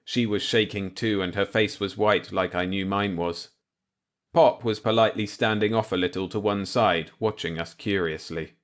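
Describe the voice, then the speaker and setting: A man reading a dark science-fiction novel aloud in the first person, measured and low-key. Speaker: audiobook narrator.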